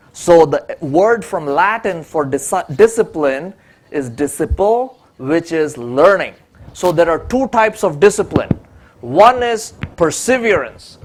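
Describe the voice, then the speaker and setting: A man's voice: on the high side, breathy edge, no room sound. A man giving a conference lecture on a handheld microphone, stopping often to ask the audience "okay?". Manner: keeps checking in with the audience, "okay?". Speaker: conference speaker on innovation. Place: conference room.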